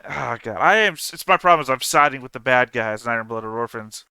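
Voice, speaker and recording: A man chatting casually with fellow tabletop players, animated and profane, laughing as he rants. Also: mid-range voice, a little fast, gravelly, clear, resonant tone, no echo. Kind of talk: casual chat between game sessions.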